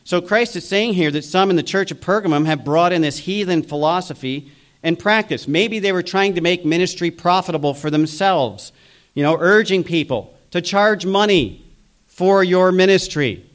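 A man delivering a sermon with an earnest, measured preaching manner. His voice sits a little higher than most men's, and he sometimes takes on a sarcastic tone when he quotes the people he is warning against. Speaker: pastor.

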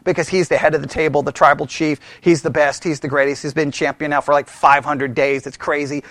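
A man leading a Bible study, animated, laughing often and asking the group rhetorical questions. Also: a little high, a little fast, dry recording.

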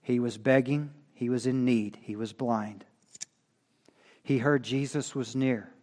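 A man preaching a sermon as pastor, reading scripture and rising to loud, impassioned cries. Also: mid-range voice, fairly even intonation. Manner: slow, building to loud impassioned cries when quoting scripture.

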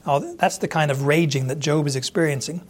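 A man's voice: a little high, fairly quick. A man teaching through a Bible passage verse by verse in a conversational way, acting out the quoted speakers as he goes. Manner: conversational, acts out quoted lines with restarts.

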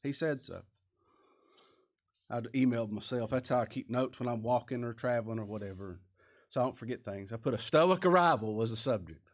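A man's voice: medium pitch, fairly even intonation, fairly quick, a little mellow. A man preaching a sermon, earnest and emphatic, with many rhetorical questions.

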